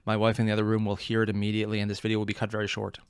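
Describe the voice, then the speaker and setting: A man's voice: on the low side, monotone, very fast, a little hiss or hum. A man giving casual reaction commentary, incredulous and blunt, swearing freely. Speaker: reaction video host.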